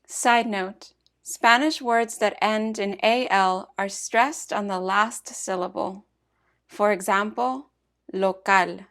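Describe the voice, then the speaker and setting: A woman narrating a scripted language lesson with clear, measured explanations. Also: mid-range voice, fairly bright tone. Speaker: language teacher.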